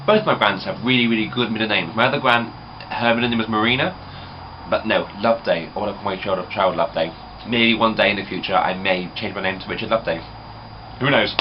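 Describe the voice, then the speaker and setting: Talking to his camera in a loose, rambling vlog full of filler words, this young man from England has a lowish voice and a quick pace. The audio is dull and picks up background noise.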